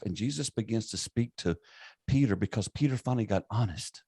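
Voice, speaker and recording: A man in his late fifties, a pastor and podcast host, retelling a story in a lively conversational way with many restarts. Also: fairly low pitch, fairly quick, husky, no echo. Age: 50s. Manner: animated retelling with acted quotes, many restarts.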